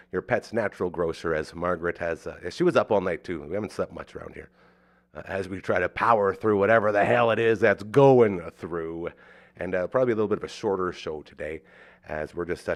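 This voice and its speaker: Man in casual host mode, a touch low, stuffed-up allergy voice, rambly and jokey. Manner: rambling, joking, lots of fillers. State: congested, allergy-sick voice. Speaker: podcast host. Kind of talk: casual chat.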